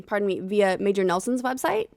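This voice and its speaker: A woman's voice: mid-range voice, lively intonation, vocal fry, a little mellow, dry recording. A woman co-hosting a gaming podcast in casual chat, laughing easily. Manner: chatty, quick laughs, reads ad in mock radio voice. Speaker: podcast co-host. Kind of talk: casual chat and read-out sponsor ad.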